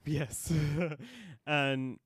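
A man's voice: on the high side, lively intonation, extremely slow, breathy edge, dry recording, clean studio sound. A man co-hosting a podcast, chatting casually and animatedly as he recaps a TV episode, laughing often and quoting the characters. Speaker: podcast co-host.

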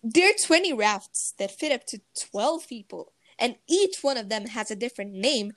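A woman's voice: a little high, sing-song, moderate pace, few pauses, no room sound. A woman chatting casually about theme park rides over a video call, rambling and giggly. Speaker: presenter.

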